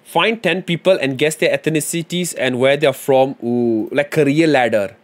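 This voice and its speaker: Speaking at a normal speed in a medium pitch, this streamer mumbles his way through chat messages and types out viewer suggestions. It's relaxed, slangy livestream banter, thick with filler words and half-spoken thoughts.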